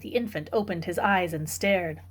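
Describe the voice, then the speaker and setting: A woman reading a novel aloud for a book club, in steady, clear storytelling narration. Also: on the low side, moderate pace.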